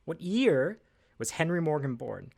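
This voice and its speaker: A man's voice: a little high, sing-song, measured pace, vocal fry, darkish tone. A man hosting a casual livestream trivia from behind a desk, chatty and upbeat with lots of fillers and self-deprecating asides. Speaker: livestream host. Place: at a desk indoors.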